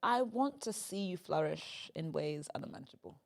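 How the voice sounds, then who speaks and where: A woman hosting a comedy podcast in casual chat, emphatic and teasing, jumping from loud bursts to quiet asides. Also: low-pitched, lively intonation, moderate pace, vocal fry. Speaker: podcast host.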